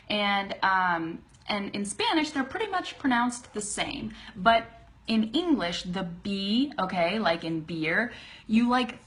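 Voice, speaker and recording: A woman's voice: medium pitch, fairly bright tone. Upbeat woman teaching pronunciation live. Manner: upbeat, chatty, greets viewers, slows down to model words. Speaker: English teacher. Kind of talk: live-streamed pronunciation lesson. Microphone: webcam close-up.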